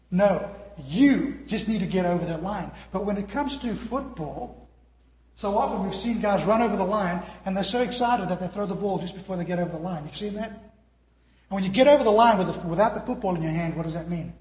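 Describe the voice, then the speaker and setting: Pastor guy preaching, kinda high voice, lots of questions to the crowd, big echoey church. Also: fairly quick. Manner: animated preaching with questions to the congregation. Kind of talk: sermon. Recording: echoey hall.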